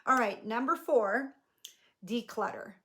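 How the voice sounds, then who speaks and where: A woman life coach and podcast host giving casual motivational talk to camera, conversational and rambling with lots of fillers, turning soft and gentle when she reassures. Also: fairly high pitch, expressive, slow, slight background noise.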